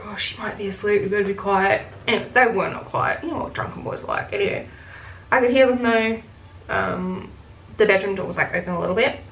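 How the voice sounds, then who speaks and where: A woman's voice: mid-range voice, a bit bright, slight background noise. A young woman vlogger telling a story while doing her makeup, chatty and blunt, swearing freely and mimicking others in quotes. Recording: echoey room, faint ambience.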